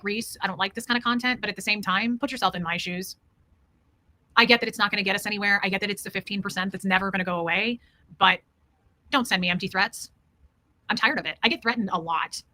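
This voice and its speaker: A woman's voice: mid-range voice, pushed and bright. A woman hosting a casual livestream, answering chat in a blunt, indignant way with repeated emphasis. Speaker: livestream host reading chat.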